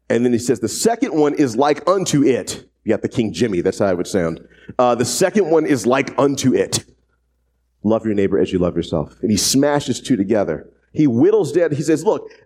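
A man delivering a sermon in an easy, conversational way. His voice is mellow and warm at a middle pitch. He keeps checking in with his listeners and leaps up in pitch for emphasis. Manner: conversational, frequent tag questions, animated pitch swings. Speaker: preacher.

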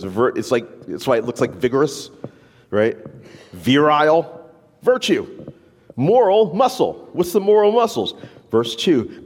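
A man preaching a sermon as a pastor, conversational and animated, tagging his points with "right?". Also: a little high. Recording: long reverb of a large hall.

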